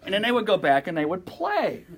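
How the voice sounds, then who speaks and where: A man preaching a sermon with a notably high voice that leaps around in pitch. He talks in an animated way and keeps checking in with his listeners as he teaches through a passage. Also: a little fast, crowd noise. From Michigan.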